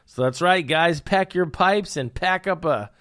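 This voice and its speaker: A man's voice: a little high, measured pace, pushed and bright, dry recording, studio quality. A young man hosting a podcast, riffing on news with puns and hyped, jokey asides. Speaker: podcast host. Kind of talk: comedic news commentary.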